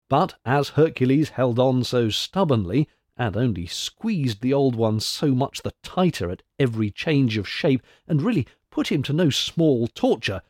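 A man narrating a classic myth in a measured, expressive storybook reading. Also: mid-range voice, no room sound, studio quality.

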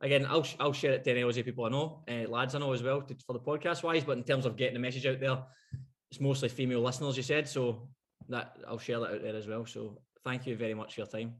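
A man co-hosting a podcast in casual chat, rambling quickly, laughing often and swearing casually. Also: mid-range voice, steady tone. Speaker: podcast co-host.

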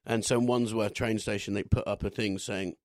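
A man's voice: fairly low pitch, fairly even intonation, fairly quick, a little mellow, dry recording, clean studio sound. A man co-hosting a podcast, chatting casually and telling anecdotes with comic voices. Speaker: podcast co-host. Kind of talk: casual chat.

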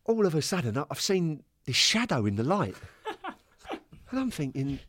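Lively man telling football stories. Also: on the high side, normal speed. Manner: lively storyteller, jumps into voices. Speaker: podcast guest, former footballer. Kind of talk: casual anecdote telling.

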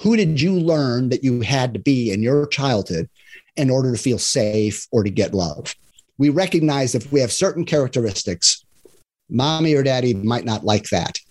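A man's voice: mid-range voice, lively intonation, moderate pace, a little mellow. Earnest male coach explaining patterns. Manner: earnest, explanatory, acts out examples in other voices; frequent "right?" tag questions. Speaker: divorce and love coach, guest. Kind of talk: casual podcast conversation.

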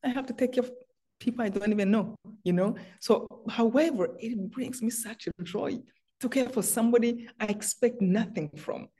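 A middle-aged Rwandan woman, a guest author in a faith interview, tells personal stories with feeling, frequently restarting her sentences. Her voice is a little high and warm with a breathy edge, at a moderate pace.

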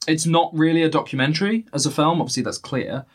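A man hosting a casual film review, measured and thoughtful, steering the talk. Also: fairly high pitch.

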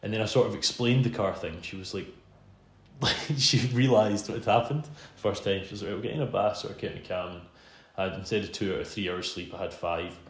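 A man's voice: lowish voice, brisk, hardly any pauses. Chatty Scottish man in a roomy space. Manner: chatty, self-deprecating, laughs while telling the story. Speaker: podcast host interviewed as guest. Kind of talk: casual storytelling in a podcast interview. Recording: roomy room sound with faint background hum.

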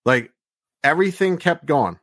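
A man's voice: a little high, expressive, moderate pace, fairly bright tone, no room sound. Blunt, swearing man on a podcast. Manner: blunt, heavy swearing, frequent "like" and "you know". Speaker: podcast co-host reviewing wrestling. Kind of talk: casual podcast chat.

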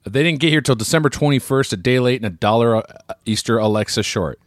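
A man's voice: medium pitch, fast talker, dry recording, studio quality. A man co-hosting a casual remote podcast, reading listener emails aloud and joking around. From Los Angeles area. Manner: jokey, reads emails aloud with bursts of laughter.

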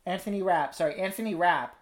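Chatty joking podcast co-host. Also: medium pitch. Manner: joking, chatty, quick asides. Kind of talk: casual chat.

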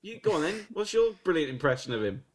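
A man in a casual comedy chat, doing loud, silly celebrity impressions with laughs and swearing. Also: a little high, very animated, quick pace.

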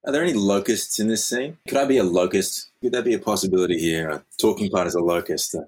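A man co-hosting a comic podcast, self-mocking and quick to break into laughter. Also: low voice, breathy edge. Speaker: podcast co-host.

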